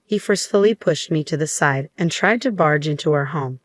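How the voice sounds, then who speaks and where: A woman with a low voice reads a first-person story in a steady, even way. The recording is dry and close, with no room sound. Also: fairly quick, no echo. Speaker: narrator.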